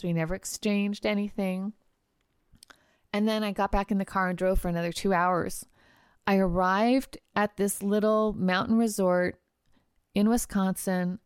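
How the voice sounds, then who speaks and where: A woman hosting a podcast, telling a personal travel story in a chatty, animated way with casual fillers. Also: medium pitch, clean tone, dry recording, clean studio sound. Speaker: podcast host and trial lawyer.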